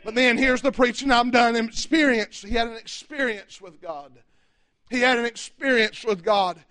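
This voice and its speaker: A man preaching a fiery sermon from the pulpit, shouting often and calling out for amens. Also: very high voice, normal speed. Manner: shouting preacher, repeated "amen" and "my friend". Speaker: pastor.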